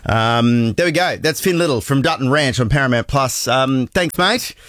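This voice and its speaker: A man's voice: mid-range voice, normal speed, fairly bright tone, dry recording, clean studio sound. A middle-aged man with an Australian accent hosting breakfast radio, chatty and self-deprecating with plenty of ums. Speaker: radio host. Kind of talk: casual breakfast radio chat. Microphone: studio microphone.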